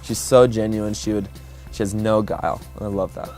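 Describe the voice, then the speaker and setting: A man's voice: on the low side, fairly even intonation, fairly quick. A young man in his twenties tells how he met and proposed to his fiancée, easygoing and chuckling, with many fillers. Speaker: groom-to-be telling his love story. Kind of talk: casual interview storytelling. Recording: soft music underneath.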